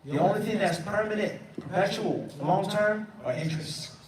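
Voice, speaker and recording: High-voiced man lecturing in an echoey room. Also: normal speed. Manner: firm, emphatic, explanatory. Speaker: Islamic scholar answering questions. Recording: echoey room, mic at a distance.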